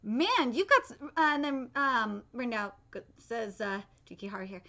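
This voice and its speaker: A woman's voice: fairly high pitch, expressive, moderate pace, hardly any pauses, bright, forceful tone. A woman in her twenties doing live anime reaction commentary, talking loosely with lots of swearing, fillers and restarts, and reading manga dialogue aloud between her comments.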